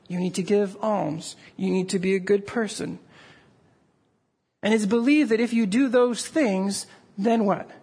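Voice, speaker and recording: A middle-aged man preaches to his congregation in an earnest, pleading way, his voice rising as he presses a point. The tone is breathy and slightly husky. He speaks like a pastor drawing listeners toward a personal response. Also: high voice, a little mellow. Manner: earnest, pleading, rises when stirred. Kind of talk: sermon. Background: gathered congregation.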